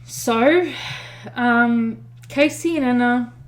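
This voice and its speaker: A woman's voice: fairly high pitch, drawn-out words. A woman co-hosting a podcast, retelling a story in casual chat with many fillers and self-corrections. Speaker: podcast co-host.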